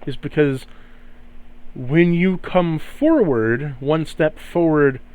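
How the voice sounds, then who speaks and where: A man's voice: a little high, slow, darkish tone, smooth. A young man running a tabletop game as game master, hesitant and self-deprecating, laughing often.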